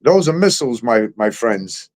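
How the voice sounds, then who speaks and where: A man's voice: medium pitch, big pitch swings, normal speed, a little mellow. A middle-aged man hosting a talk show, ranting with heavy profanity, sarcasm and disbelief.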